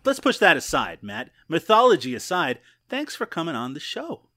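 A man's voice: fairly high pitch, huge pitch swings, normal speed, sharp tone. A man hosting a podcast in casual chat, joking and playful with his co-host and guest. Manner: jokey, playful, drops to a whisper for gags.

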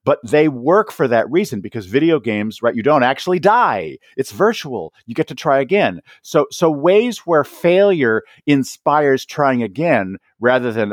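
A man interviewed as an author on teaching speaks conversationally and animatedly, acting out quoted voices and tagging lines with a frequent "right?". His medium-pitched voice is unhurried with hardly any pauses, captured in clean studio sound with no echo.

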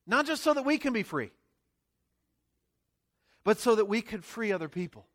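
A man's voice: sits high, huge pitch swings, brisk, long pauses, fairly bright tone. A man preaching a sermon to his congregation, talking casually and checking in with "okay?" and "right?" before reading scripture with rising emphasis. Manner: conversational, tags lines with "okay?" and "right?"; reads scripture with swelling emphasis. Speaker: pastor. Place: church sanctuary before a congregation.

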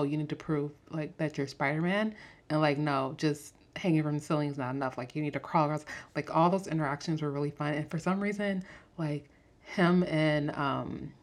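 Young woman w a low voice chatting fast about a movie, lots of likes and ums, gets excited. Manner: animated, fast-talking, frequent fillers and laughs. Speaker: podcast host. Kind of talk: casual movie review chat.

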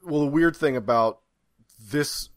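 A man's voice: fairly high pitch, unhurried, no echo, studio quality, lightly acted. A man voicing a stern male soldier astronaut who sounds awkward and bewildered, stumbling over fillers. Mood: puzzled. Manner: hesitant, full of fillers.

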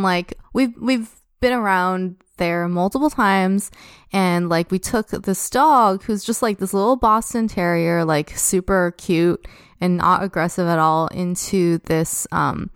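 Young woman, podcast guest, rambling casual storyteller; smooth tone, dry sound. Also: lowish voice, dry recording. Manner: chatty, heavy use of "like".

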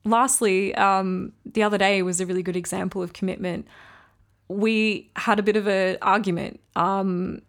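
A woman's voice: mid-range voice, steady tone, moderate pace. A woman hosting a solo podcast, talking candidly and reflectively about her relationship, with frequent ums. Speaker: podcast host. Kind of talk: casual solo podcast talk.

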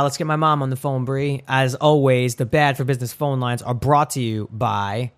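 A man's voice: medium pitch, very noisy. Teasing, upbeat male podcast host. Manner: upbeat, teasing, laughs often. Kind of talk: casual podcast chat.

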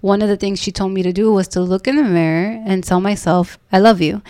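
A woman's voice: mid-range voice, fairly quick, mellow, dry recording. A woman chatting on a podcast, talking earnestly and with feeling, laughing often and repeating words as she goes. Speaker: podcast guest, self-love brand founder. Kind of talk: casual heartfelt podcast chat.

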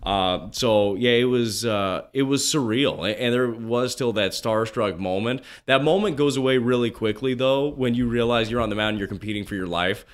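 A man in his forties telling stories as an interview guest, animated and full of restarts, often acting out what others said. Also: mid-range voice, normal speed, hardly any pauses. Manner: animated, acts out quoted voices, many restarts. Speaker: guest, former pro baseball pitcher. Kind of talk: casual interview storytelling.

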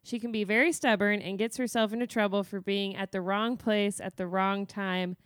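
A woman's voice: medium pitch, fairly even intonation, moderate pace, clear, resonant tone, no room sound, clean studio sound. A woman co-hosting a casual podcast, playful and laughing mid-sentence. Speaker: podcast co-host.

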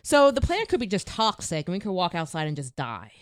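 A woman's voice: on the low side, wildly swooping pitch, fast, no echo, clean studio sound. A woman playing a tabletop game, asking questions in an unsure way. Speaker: player. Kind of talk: casual tabletop game chat.

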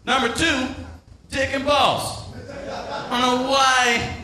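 A man's voice: very high voice, little pitch movement, takes it slowly, pushed and bright. A man doing a rambling, profane stand-up set, teasing the crowd on a club stage. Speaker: stand-up comedian. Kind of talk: open-mic stand-up set. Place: comedy club stage with live audience. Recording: echoey room, voice a bit far from mic.

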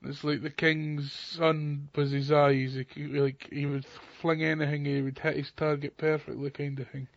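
A man's voice: a little high, little pitch movement, moderate pace, gravelly, few pauses, no room sound, muffled recording. A man chatting casually on a podcast, blunt and joking, swearing constantly. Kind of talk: casual chat.

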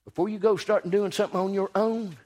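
A male preacher, telling a folksy sermon story that jumps from quiet to loud. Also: high voice, steady tone, fast talker.

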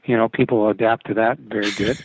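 A man voicing his doubtful but supportive brother in a retold story, slightly above his own pitch. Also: steady tone, fast, breathy edge, no room sound, low-quality recording. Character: skeptical supportive adult brother.

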